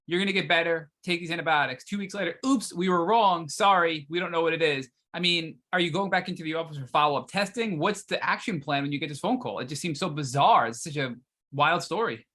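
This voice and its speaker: A male podcast host with a bright, slightly high voice. He talks emphatically, sums up the guest's story and acts out what the other people in it said before he asks his next question. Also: brisk. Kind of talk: interview questions.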